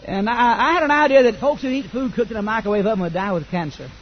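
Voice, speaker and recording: An older man, preaching a sermon that swings from quiet asides to loud fervent declaration. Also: high-pitched, fast, lo-fi sound, slight background noise.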